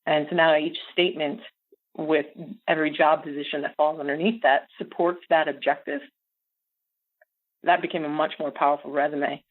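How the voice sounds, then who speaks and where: A middle-aged American woman telling a story as a podcast guest, animated and laughing often. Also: low-pitched, moderate pace. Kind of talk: casual storytelling interview. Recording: phone-like audio.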